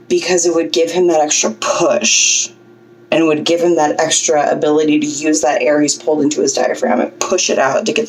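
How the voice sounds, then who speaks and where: A woman's voice: low voice, a little mellow, low-quality recording. A woman giving a casual singing lesson, chatty and often checking in with "okay?" and "right?". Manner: chatty, checks in with 'okay?' and 'right?'. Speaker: amateur singing teacher.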